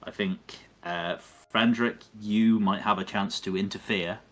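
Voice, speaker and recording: Slow, low-voiced man running a tabletop game. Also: steady tone, a bit bright. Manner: measured, descriptive, thinking aloud. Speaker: dungeon master.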